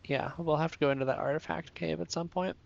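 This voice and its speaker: A man's voice: fairly high pitch, fairly even intonation, quick pace, creaky, dull audio. A man casually commenting on his gameplay, playful and a bit sleepy, chatting to his viewers and the creatures on screen. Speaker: streamer.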